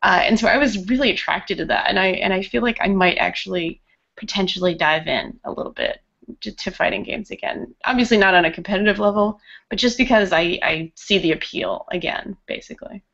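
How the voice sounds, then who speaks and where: A woman from Rhode Island talks in a chatty way, her New England accent mostly smoothed over. Her voice has a gravelly fry. The podcast audio is a little muffled. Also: medium pitch, brisk, a bit bright. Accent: softened New England. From Rhode Island, USA. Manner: chatty, laughs often, many fillers. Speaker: podcast guest. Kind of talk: casual chat.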